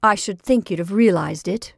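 A woman's voice: mid-range voice, normal speed, vocal fry, husky, no echo, studio quality. A woman reading a story aloud and voicing a haughty, contemptuous young woman with a cool, mocking drawl.

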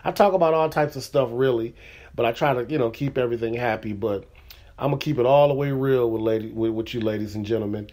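A man's voice: medium pitch, fast, a little mellow. Chatty middle-aged male podcast host. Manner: loose and conversational, with lots of fillers like "you know what I'm saying". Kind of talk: casual solo podcast monologue.

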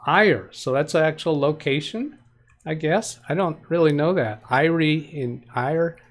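A man with a fairly high-pitched voice, speaking a little slowly, runs a live tech help stream. He reads viewer comments aloud in a rambling way, keeps correcting himself and starting over, and gives practical, no-frills advice.

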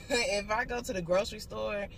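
A woman's voice: medium pitch, normal speed. A woman chatting casually to viewers in her vlog, cursing and laughing as she goes. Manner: profane, laughing, talks to viewers as y'all. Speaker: vlogger. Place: car and on the go. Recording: loud car and road noise. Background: vehicle noise.

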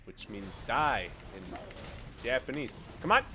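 Animated young man yelling over gameplay. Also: measured pace, a little hiss or hum. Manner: swings from low mutters to loud triumphant yelling; profane, boastful, self-mocking. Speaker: gaming streamer. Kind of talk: excited gameplay commentary.

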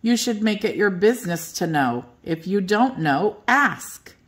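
A woman's voice: medium pitch, lively intonation, measured pace, lightly acted. A woman doing an urgent, stern male groom. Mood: scolding. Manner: urgent, commanding.

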